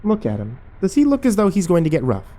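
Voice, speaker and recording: A male narrator voicing a gentle young female nurse who turns dryly sarcastic. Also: sits high, wildly swooping pitch, fast talker, voice pushed up.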